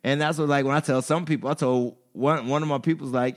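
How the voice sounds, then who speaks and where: A man's voice: medium pitch, fast. A man, a rapper and podcast guest, telling personal stories candidly, emotional and laughing, with casual cursing. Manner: emotional, laughing, expressive storytelling with curses. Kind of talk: candid storytelling chat.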